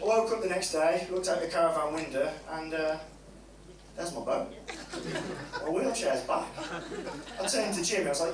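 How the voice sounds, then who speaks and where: A man's voice: a little high, moderate pace, pauses often, far from the mic. A man doing a stand-up comedy set on a club stage, crude and matter-of-fact, chatting with the crowd through a handheld mic. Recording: roomy club sound from the audience side with loud crowd noise.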